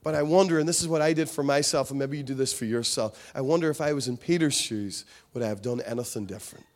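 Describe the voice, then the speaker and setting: A man's voice: mid-range voice, fast talker. A man preaching a sermon, impassioned, often repeating phrases for emphasis. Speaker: pastor.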